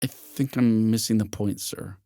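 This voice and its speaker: A man's voice: lowish voice, fairly even intonation, unhurried, mellow, no echo, studio quality. A man voicing a cautious male aide who speaks politely and deferentially in an audiobook.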